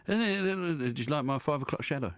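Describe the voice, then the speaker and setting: A man's voice: fairly high pitch, animated, quick pace, a bit bright, clear, resonant tone, no echo. A man presenting a radio show, bantering with guests in the studio in a rambling, teasing, self-mocking way. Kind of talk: jokey live studio banter.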